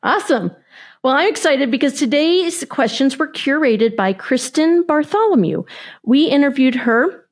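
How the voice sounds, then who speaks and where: A woman's voice: high-pitched, lively intonation. Upbeat woman hosting a podcast. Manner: upbeat and playful, with quick affirmations. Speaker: podcast host. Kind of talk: scripted segment intro and interview chat.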